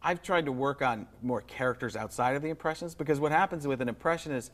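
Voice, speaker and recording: A man's voice: medium pitch, quick pace, fairly bright tone. A comedian guest on a talk show, rambling and joking in a self-mocking way, often restarting his sentences. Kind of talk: casual talk-show interview.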